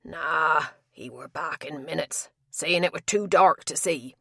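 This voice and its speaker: A woman reading a big, sulky male tavern tapster with gruff rustic dialect speech. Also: low-pitched, measured pace, pushed and bright, no echo, studio quality, exaggerated voice. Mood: grumbling.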